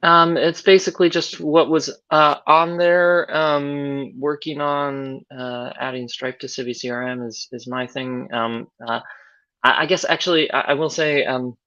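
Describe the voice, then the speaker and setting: A mid-pitched speaker from California reports to an online meeting, hesitating often with ums and restarting sentences. The audio is dry and close, with a dull, narrow tone. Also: female voice, steady tone, measured pace, a bit bright, no room sound. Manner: hesitant, many fillers and restarts. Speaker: party secretary.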